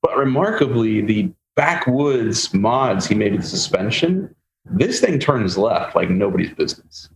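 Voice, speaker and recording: A man with a lowish voice tells a winding car story on a podcast, slipping into other people's voices as he goes. The sound is roomy, with a faint hiss behind him. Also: unhurried, gravelly. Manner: animated storyteller, acts out quoted voices. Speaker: podcast host. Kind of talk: casual storytelling chat. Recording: roomy with faint ambient noise.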